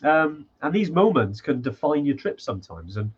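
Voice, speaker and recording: A man's voice: a little high, very animated, normal speed, husky, lo-fi sound. A man co-hosting a podcast in casual chat, rambling with lots of restarts and fillers. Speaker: podcast co-host.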